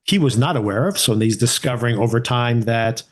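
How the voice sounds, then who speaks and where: A man's voice: mid-range voice, brisk. A man co-hosting a podcast, chatting casually through a TV review and thinking aloud with rhetorical questions. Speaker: podcast co-host.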